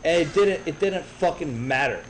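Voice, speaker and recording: A man in his thirties telling a brash, profane story in a casual, animated way. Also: fairly high pitch, normal speed, a little hiss or hum, low-quality recording. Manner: brash, profane, animated retelling with quoted voices. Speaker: streamer.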